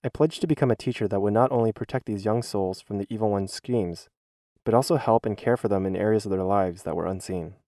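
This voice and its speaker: A man's voice: fairly low pitch, fast talker, warm tone, no echo, clean studio sound. Earnest man reading a church testimony. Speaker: schoolteacher giving a church testimony. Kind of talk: dubbed testimony voice-over.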